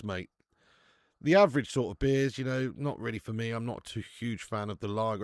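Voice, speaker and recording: A man's voice: fairly low pitch, fairly quick, dry recording, clean studio sound. A man with a British English accent hosting a live football watch-along, bantering, swearing and reading out viewer chat. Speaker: host.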